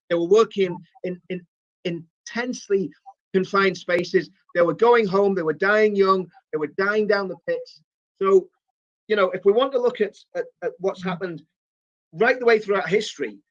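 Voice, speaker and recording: A northeast English man speaks earnestly in a high voice for a man. He stacks up repeated phrases to drive his point home. The clip sounds dull and muffled. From northeast England. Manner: earnest, repetitive, building emphasis. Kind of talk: political talk, earnest appeal.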